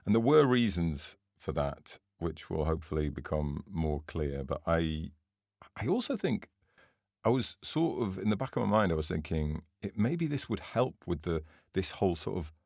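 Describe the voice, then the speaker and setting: A British man co-hosting a podcast in easy, self-deprecating chat. His voice sits low but swings around animatedly. The close mic gives it a dry, intimate sound. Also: sing-song, normal speed, creaky, darkish tone, no room sound. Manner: chatty, laughs easily, self-deprecating. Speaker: podcast co-host. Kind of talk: casual chat.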